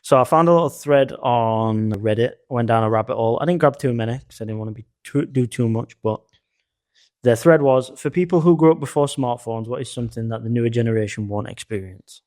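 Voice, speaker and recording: A man's voice: mid-range voice, a little fast, darkish tone, no echo, studio quality. A man co-hosting a podcast, telling stories in a laid-back, casual chat and swearing freely. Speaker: podcast co-host.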